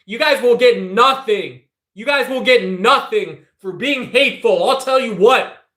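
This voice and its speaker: A political streamer with a very high-pitched, sharp voice rants angrily at his livestream chat. He is confrontational and speaks straight to his viewers. The room he's in sounds echoey.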